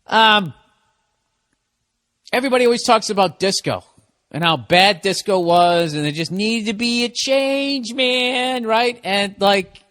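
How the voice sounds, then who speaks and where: A man's voice: high-pitched, measured pace, a bit bright, no echo, studio quality. A man hosting a solo comedy podcast, ranting in a profane, sarcastic, rambling way.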